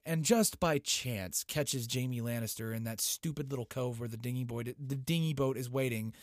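A man giving an excitable, foul-mouthed casual recap of a TV episode. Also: medium pitch, no room sound, studio quality. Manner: excitable, heavy swearing.

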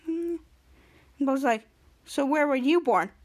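A high-pitched woman hosting a casual podcast. She retells a TV episode with excitement and jumps into the characters' lines as she goes. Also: slow pace. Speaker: podcast host.

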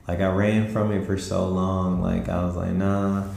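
A tired young man hosts his podcast late at night from home, drifting through slangy, laid-back talk. His voice sits very low, with a dark, mellow tone and a gravelly edge. The room adds a clear echo. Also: little pitch movement, normal speed. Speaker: podcast host. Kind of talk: casual late-night monologue. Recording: roomy echo with faint music.

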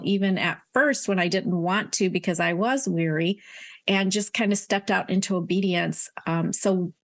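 Earnest woman author talking faith. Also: medium pitch. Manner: earnest, warm about faith, many fillers and restarts. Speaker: author guest. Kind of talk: casual Christian interview talk.

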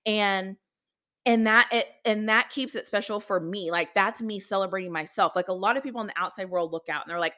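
A woman in her thirties talks straight into her podcast mic with a bright, forward voice. She rambles candidly through a personal story, full of "like" and "right?", and drops the odd curse. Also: medium pitch, lively intonation, fairly quick. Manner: chatty, filler-heavy, candid, swears casually. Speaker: podcast host.

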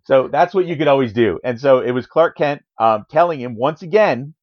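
A man casually recapping a comic in a rambling, animated way, full of fillers, on a dull lo-fi recording. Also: medium pitch, normal speed. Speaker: podcast co-host.

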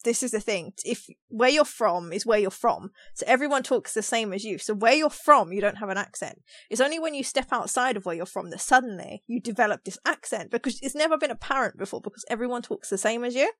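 A woman with a London accent chats on a podcast, rambling and poking fun at herself. Her voice sits on the high side and sounds close and dry, with no room around it. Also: expressive, brisk, few pauses, a bit bright, no room sound. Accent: London English. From London, England. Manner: rambling, self-deprecating, laughs often. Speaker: podcast co-host. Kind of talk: casual chat.

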